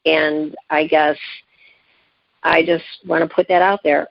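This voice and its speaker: A woman guest in an interview, telling a personal story with lively, emotional delivery and frequent restarts. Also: deep voice, takes it slowly, vocal fry, long pauses, no room sound, highs cut off. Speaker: guest, living kidney donor.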